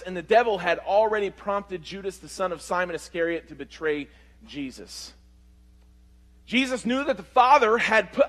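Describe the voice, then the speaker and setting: Male pastor with a high-pitched voice, preaching through a story with lively swings from loud to quiet. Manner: animated, swings between loud and hushed. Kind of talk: storytelling sermon.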